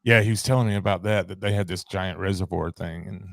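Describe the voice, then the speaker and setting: A man co-hosting a podcast, chatting in a relaxed, rambling way with lots of fillers. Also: low voice, quick pace, creaky, no room sound. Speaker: podcast co-host. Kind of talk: casual chat.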